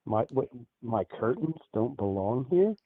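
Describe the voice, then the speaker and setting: A man with a mid-range voice calls in over a tinny, dry phone line. He answers in short, curt, flat replies. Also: mid-range voice, unhurried, dry recording. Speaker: caller.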